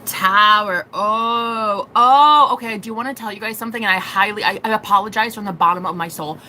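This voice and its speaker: Young woman, tarot streamer; bright, forceful delivery, profane and theatrical, slight background noise. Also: medium pitch, rapid-fire. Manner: animated, profane, acts out quoted voices. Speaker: tarot reader. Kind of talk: live-stream tarot reading.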